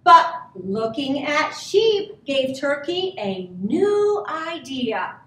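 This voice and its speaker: A woman gently and expressively reading a picture book aloud to children. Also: high voice, big pitch swings, drawn-out words, a little hiss or hum. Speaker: children's story reader. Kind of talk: storybook read-aloud for children. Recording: roomy, from a distance.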